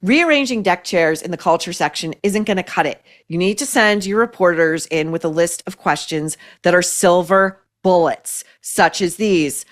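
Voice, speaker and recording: A woman hosting a podcast, delivering scornful, sarcastic opinion commentary with lively emphasis. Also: on the low side, normal speed, hardly any pauses. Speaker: podcast host.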